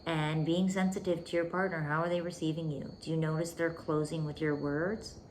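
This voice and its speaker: Low-voiced woman podcast host coaching intimately. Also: little pitch movement, a little fast, darkish tone, slight background noise. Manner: intimate, emphatic, calls listener "baby", drops to whispers. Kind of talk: relationship coaching monologue.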